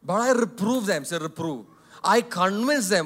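A man preaching a sermon as pastor, emphatic and repetitive, swinging between loud declarations and quiet asides. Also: high voice, lively intonation, normal speed. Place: church hall.

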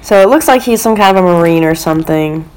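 A woman's voice: lowish voice, lively intonation, fast talker, darkish tone, smooth. A young woman co-hosting a casual podcast, retelling dating-app messages with a laugh. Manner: chatty storyteller who laughs at her own anecdotes. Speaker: podcast co-host.

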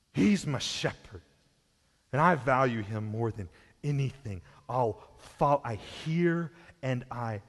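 A man with a Southern US accent preaching a sermon as pastor, emphatic and shifting between hushed and loud passages. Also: mid-range voice, husky. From Southern United States. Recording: long hall reverb.

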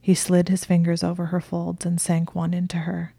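A woman reading fan fiction aloud in a soft, often whispered way. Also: fairly low pitch, completely flat delivery, moderate pace, vocal fry, husky, dry recording.

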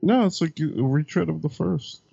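A man's voice: fairly high pitch, moderate pace, creaky, mellow, husky, no echo. A man on a casual movie podcast, stubborn and wry in his jabs. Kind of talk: casual chat about movies. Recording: dull lo-fi sound.

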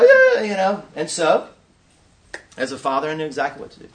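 Animated man preaching at a conference. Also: on the high side, a little fast, distant mic. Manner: animated storyteller who acts out scenes; asks the audience rhetorical questions. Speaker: workshop speaker at a conference. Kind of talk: preaching-style conference talk.

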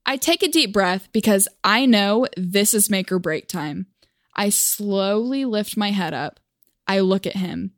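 A woman's voice: medium pitch, expressive, unhurried, dry recording, clean studio sound. A young woman from Oklahoma telling a personal story for a vlog in a wry, self-mocking, chatty way.

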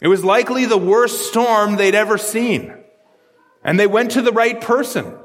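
A man with a notably high voice delivers a sermon as pastor, earnestly walking through scripture and doubling back on his words as he thinks. The sound carries a long reverb, as if recorded in a large hall. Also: expressive, moderate pace. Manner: earnest, repeats words while explaining scripture.

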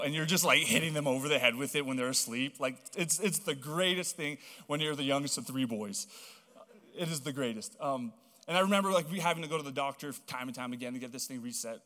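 A young man from Hawaii preaching a sermon, telling stories in a chatty, animated way full of casual fillers. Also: fairly high pitch, fairly quick. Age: young adult. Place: church auditorium. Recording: long reverb of a large hall.

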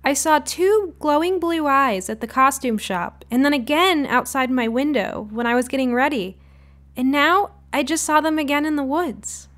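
A woman reading aloud and voicing an excited young girl on Halloween, exclaiming eagerly. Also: high-pitched, normal speed, voice pushed up.

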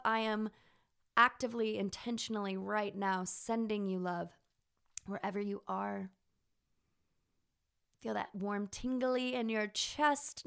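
Gravelly, effusive woman podcast host. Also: mid-range voice. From Texas. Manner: chatty, effusive, rambling with fillers. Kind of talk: casual podcast monologue.

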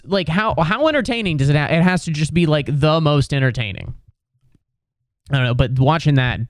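A man's voice: clear, resonant tone, dry recording, studio quality. A young man hosting a podcast, chatting casually in a rambling, profane, exasperated way, sometimes jumping up into mocking voices. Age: young adult. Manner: swings up into mocking high voices when mimicking others. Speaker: podcast host. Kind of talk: casual sports talk.

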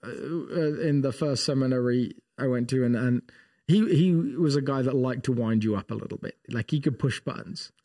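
A man's voice: mid-range voice, normal speed, warm tone. Man telling stories with many restarts. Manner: storytelling, many restarts and fillers. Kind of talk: casual faith discussion.

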